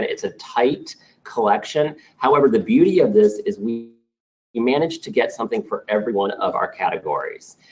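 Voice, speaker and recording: A man's voice: fairly low pitch, lo-fi sound. A man presenting new products to his sales team in a business meeting, upbeat as he runs through specs with small restarts.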